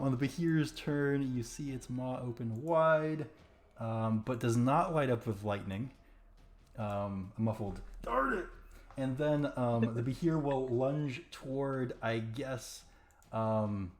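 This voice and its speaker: A man's voice: medium pitch, slow, a little mellow, a little hiss or hum. Man running a tabletop game. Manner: chatty, filler-heavy narration. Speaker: game master.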